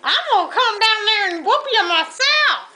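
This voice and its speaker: Squeaky old granny on a prank call, cusses a ton, slow rambling drawl, bright piercing voice. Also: very animated, heavily acted, rough recording. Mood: crude, pushy. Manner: cussing, rambling, folksy drawl.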